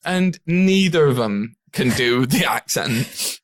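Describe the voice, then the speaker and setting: A man's voice: medium pitch, slow. A man hosting a podcast in casual chat, laughing often and swearing freely. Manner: laughing, lively and profane. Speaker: podcast host.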